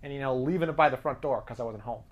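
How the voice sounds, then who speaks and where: A man hosting his own show, telling a casual anecdote in an animated, self-amused way and acting out the back-and-forth of a conversation. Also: medium pitch, rapid-fire, lo-fi sound. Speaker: podcast host.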